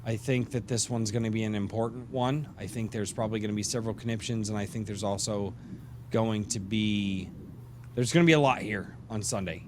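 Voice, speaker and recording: A tired-sounding middle-aged man hosts a podcast live stream, rambling casually and joking as he drinks beer. His voice is on the low side and steady, he talks fairly quickly, and background noise is present.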